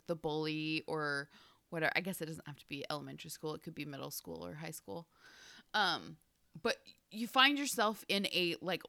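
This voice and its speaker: A woman co-hosting a podcast in casual chat, blunt and profane, riffing on the story with quick reactions. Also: lowish voice, a bit bright, no echo, studio quality. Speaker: podcast co-host.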